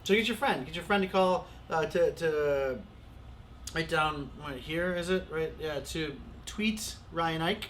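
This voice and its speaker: A man hosting a livestream, reading out viewer comments in relaxed, casual chat. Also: a little high, unhurried, slight background noise. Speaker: host.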